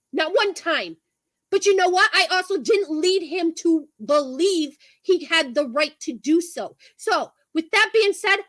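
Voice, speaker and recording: A woman's voice: very high-pitched, pushed and bright, no echo, poor audio. A woman on a livestream, delivering a heated, profane rant and repeating her points.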